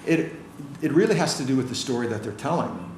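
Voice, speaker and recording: An American man, a chiropractor appearing as an interview guest, tells stories at a quick pace in a gravelly, medium-pitched voice. He performs the voices of the people in each tale with animated flair, and the roomy recording holds faint ambient noise.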